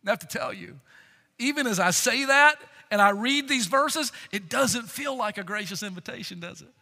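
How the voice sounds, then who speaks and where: A man preaching a sermon in an earnest, expressive way, stopping often to ask his listeners rhetorical questions. His voice sits very high and sounds sharply bright. The sound carries the long reverb of a large church sanctuary. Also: moderate pace, vocal fry. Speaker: pastor.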